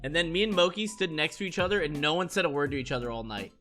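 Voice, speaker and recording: A man excitedly recapping a wild night to his stream, swearing and jumping between voices as he tells it. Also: quick pace, faint music behind. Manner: excitable, swears, acts out quotes with big pitch swings. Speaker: streamer telling stories. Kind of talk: animated storytelling recap.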